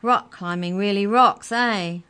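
A woman reading a storybook and voicing a cheery, teasing female climbing instructor in a raised, bright voice. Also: fairly high pitch, lively intonation, normal speed, voice pushed up, lightly acted. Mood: jolly.

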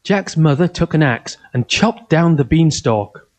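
A man reading a children's fairy tale aloud in simple, even, carefully spoken sentences. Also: fairly high pitch, measured pace. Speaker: storyteller.

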